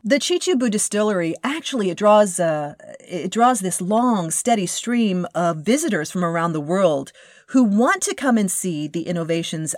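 A woman's voice: medium pitch, darkish tone, no room sound. Enthusiastic woman host, dry close sound. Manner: enthusiastic, self-correcting, searches for words. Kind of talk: casual narration about a craft distiller.

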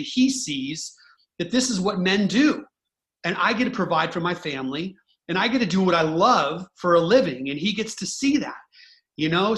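A man's voice: sits high, a bit bright. A man hosting a casual podcast chat, an earnest and heartfelt musician who speaks in a grateful tone. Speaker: host and band musician.

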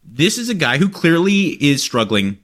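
Animated, joking male co-host. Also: a little high, normal speed. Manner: excitable, joking, stumbles and restarts. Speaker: podcast co-host. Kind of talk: casual chat.

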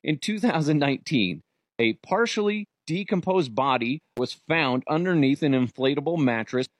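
A man hosting a comedic commentary show about odd news, animated and profane. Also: a little high, moderate pace, dry recording. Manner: animated and profane, jumps into silly voices. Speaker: host.

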